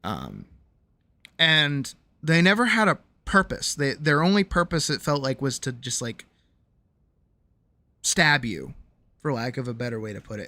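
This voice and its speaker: A young adult streamer chatting casually on a stream. They talk candidly and ramble, restart sentences often, and let the ends of sentences trail off quietly. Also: medium pitch, big pitch swings, unhurried, long pauses, dry recording. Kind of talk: casual stream chat, reading chat messages.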